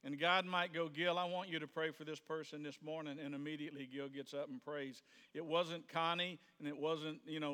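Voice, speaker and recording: A man's voice: on the high side, smooth, big-room sound. A man preaching a Sunday sermon in a conversational way, acting out the quoted voices of the people in his stories. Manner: conversational, plays out quoted voices, rises to sudden shouts. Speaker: pastor. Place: church sanctuary.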